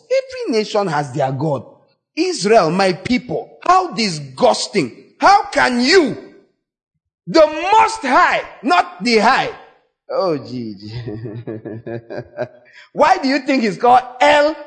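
A man with a high voice preaches a sermon dramatically and with great animation. He acts out the voices he quotes and suddenly breaks into shouts.

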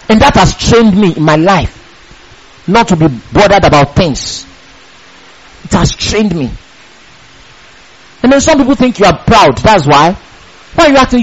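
A man preaching a sermon, emphatic and repetitive, bursting into shouts. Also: high-pitched, low-quality recording.

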